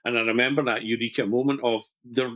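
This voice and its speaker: A man's voice: medium pitch, fairly even intonation, fast talker, a bit bright. A middle-aged man, a master stone setter explaining a jewellery technique in chatty, self-deprecating conversation, with restarts and fillers.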